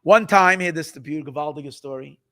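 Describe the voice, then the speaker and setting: A high-pitched rabbi telling a dramatic tale to his listeners, animated and repeating himself as he builds the scene. He sprinkles in Yiddish words and restarts his sentences. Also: fast talker. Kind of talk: sermon storytelling.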